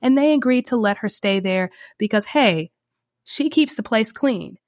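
A woman's voice: on the high side, expressive, a little slow, dry recording. Chatty woman giving opinionated commentary. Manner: chatty storytelling with wry asides. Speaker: podcast host.

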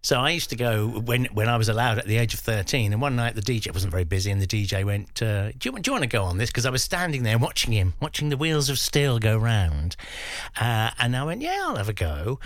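A man's voice: medium pitch, fairly quick, dry recording. An English man in his fifties, a guest DJ reminiscing in a radio interview and acting out the voices he quotes. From England. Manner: animated storyteller who acts out quoted voices.

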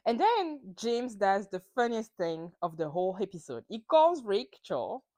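Animated woman recapping reality TV. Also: mid-range voice, unhurried, no room sound. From France. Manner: opinionated and animated, acts out quotes. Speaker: podcast host. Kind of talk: solo recap chat.

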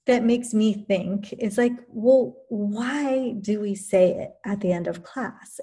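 A woman who teaches yoga, talking thoughtfully in a relaxed conversation, pausing and restarting as she works through her points. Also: medium pitch. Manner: thoughtful, many restarts and fillers. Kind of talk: reflective conversational talk.

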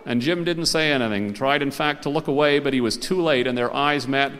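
A man telling a comic story live on a concert stage, animated and playful and acting out the characters. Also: medium pitch, fairly quick. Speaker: storyteller and radio host. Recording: live concert recording with hall reverb.

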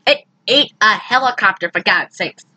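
A woman chatting casually about a movie, animated and quick to act out characters' lines in high, loud voices. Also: no echo, low-quality recording. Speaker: podcast co-host recapping a movie. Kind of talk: casual chat.

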